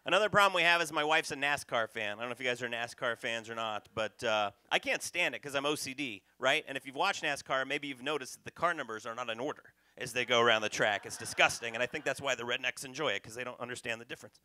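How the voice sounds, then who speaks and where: A man performing a stand-up comedy set on a club stage, talking punchily and working the crowd loudly. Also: medium pitch, fast talker, few pauses. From North Carolina, USA. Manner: punchy, loud crowd work.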